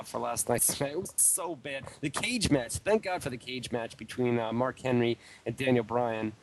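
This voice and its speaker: A man's voice: mid-range voice, slight background noise. A man co-hosting a live wrestling radio talk show, rambling casually with lots of fillers and repeated phrases. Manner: rambling, repeats himself, frequent fillers and "dude". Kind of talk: casual chat.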